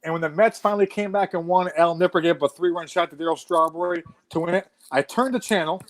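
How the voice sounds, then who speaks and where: A man in his forties telling a story in casual chat, animated and swearing freely. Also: sits high, quick pace. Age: 40s.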